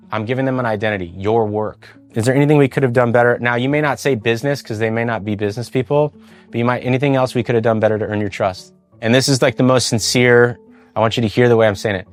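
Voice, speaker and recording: A man's voice: mid-range voice, fast, soft background music. A man leading a sales training talk, coaching in a conversational way and acting out sample call scripts. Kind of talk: sales training talk with role-play demos.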